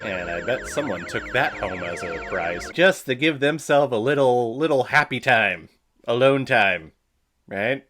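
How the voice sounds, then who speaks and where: A man's voice: medium pitch, lively intonation, unhurried, fairly bright tone, faint music behind. A man hosting a comedic movie watch-along, making irreverent jokes and swearing. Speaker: host.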